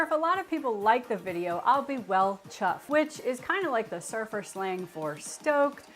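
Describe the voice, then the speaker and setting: An American woman talks to camera as a travel vlog host, in a chatty explainer style. She is playful and quick to poke fun at herself. Her voice sits mid-range, and soft music plays faintly underneath. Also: mid-range voice. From United States. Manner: chatty, playful, self-deprecating. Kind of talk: scripted explainer talk to camera.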